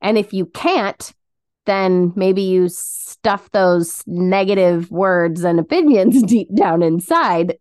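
A woman co-hosting a faith podcast, giving earnest advice in a casual, halting way. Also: on the low side, a little mellow, dry recording, clean studio sound. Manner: earnest, advising, halting restarts. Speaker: podcast co-host.

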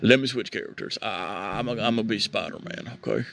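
A man's voice: lowish voice, a little fast, gravelly, fairly bright tone, soft background music. A man doing nervous comedic banter, stammering and repeating words as he talks to a chatbot. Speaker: prank caller chatting with a chatbot.

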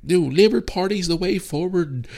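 A man voicing a polite young female canvasser in a high, chirpy voice, retelling an anecdote. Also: lively intonation, normal speed, warm tone.

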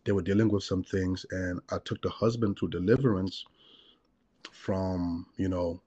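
A man speaks in a low, breathy-edged voice as a deliverance minister on a talk show. He explains his points earnestly and stacks them in long repeated lists. The recording sounds dull and lo-fi. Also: fairly even intonation, moderate pace, mellow. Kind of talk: conversational teaching on a talk show.

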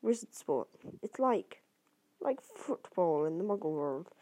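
A woman's voice: on the low side, sing-song, measured pace, warm tone. A woman voicing a kindly half-giant man in an amateur audiobook reading, homely and reassuring, sometimes stumbling.

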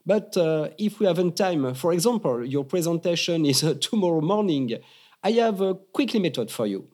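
A man with a French accent explains public speaking techniques as a coach. His pitch swings widely as he stresses words, and he often repeats them for emphasis. His tone is dark and mellow. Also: animated, moderate pace. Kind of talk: explaining in an interview.

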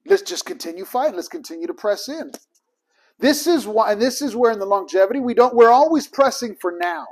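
A man's voice: high voice, animated, brisk, a little mellow. A man teaching a ministry training group in a casual, emphatic way, acting out both sides of the conversations in his stories.

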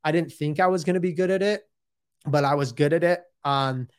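A man's voice: on the high side, brisk, smooth. A man in his thirties telling his own story in a casual, rambling and candid way, often saying "dude" and "like".

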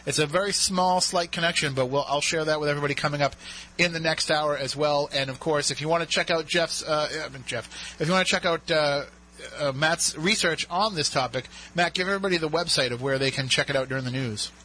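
A man's voice: fairly high pitch, brisk, bright, forceful tone, slight background noise. A man with a South Coast Massachusetts accent hosting a talk radio show in a studio, chatty and upbeat. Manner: chatty, upbeat, reads phone numbers in clusters.

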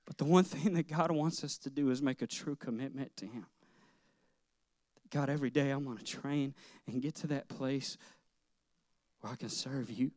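A man's voice: mid-range voice, moderate pace, a little mellow, no echo, studio quality. A middle-aged man, a pastor, preaching a sermon in an earnest, personal way, telling childhood stories with light laughter.

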